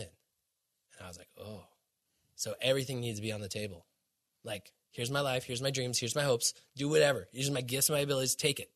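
A man's voice: medium pitch, fairly quick, a bit bright. A middle-aged man giving an earnest, casual faith testimony as a podcast guest, full of acted-out quotes.

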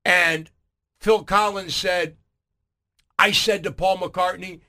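A man hosting a morning radio show, telling a story in a relaxed way and often repeating words. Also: sits high, takes it slowly, long pauses. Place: radio studio. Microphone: studio microphone.

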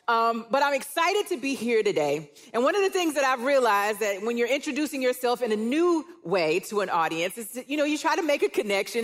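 Brief: woman preacher, grandmother, higher voice, lively storyteller, church stage. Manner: warm storytelling, animated quoting of others. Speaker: guest speaker, church care director. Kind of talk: sermon with personal stories. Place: church auditorium with live audience.

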